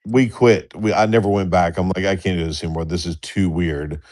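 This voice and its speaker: A man's voice: low voice, steady tone, a little fast, darkish tone. A middle-aged man telling a crude personal story in a rambling way, often laughing and acting out the dialogue. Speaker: storyteller on a livestream talk show. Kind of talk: casual storytelling.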